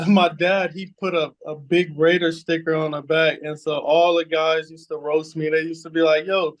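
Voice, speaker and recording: A man from the Bay Area tells a long story with easy energy, repeating words and acting out the people he quotes. His voice sits a little high for a man. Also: flat delivery, moderate pace. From San Francisco Bay Area. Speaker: guest, former pro football player. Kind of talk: casual storytelling interview.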